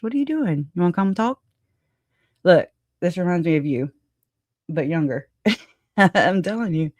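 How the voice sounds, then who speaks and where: A woman's voice: sits low, darkish tone, no room sound. A woman hosting a livestream in casual chat, rambling, laughing often and swearing casually. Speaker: livestream host.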